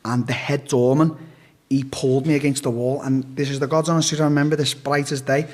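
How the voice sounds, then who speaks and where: A man's voice: mid-range voice, flat delivery, fairly quick, darkish tone. A man, an interview guest, telling a story in a blunt, profane, casual way and acting out what people said. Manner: blunt and profane, with acted-out quotes.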